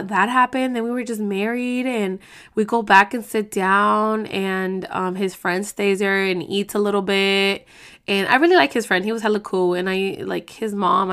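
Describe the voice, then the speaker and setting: A young woman tells a story straight to her viewers. She talks in loose slang, swears freely and jumps into quoted voices from line to line. Her pitch sits in the middle range for a woman. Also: fairly bright tone. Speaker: vlogger. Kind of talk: casual storytelling to camera.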